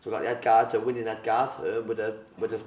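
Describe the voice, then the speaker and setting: A man's voice: on the low side, flat delivery, fast talker, a little mellow, a little hiss or hum. A young man, a former boxer, telling his story in an interview, blunt and rambling, with plenty of swearing and fillers. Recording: roomy, mic at a distance.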